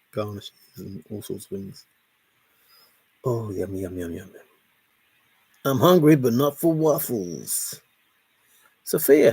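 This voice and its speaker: A man's voice: medium pitch, vocal fry, darkish tone, slightly rough, no echo. A man hosting a casual late-night livestream, reading viewer comments aloud and answering them playfully. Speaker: livestream host.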